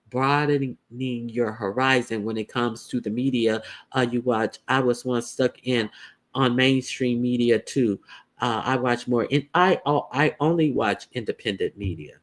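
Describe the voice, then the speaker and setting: A man hosting casual opinion commentary, blunt and profane, halting often with "uh" fillers as he talks. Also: mid-range voice. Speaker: YouTube commentator host.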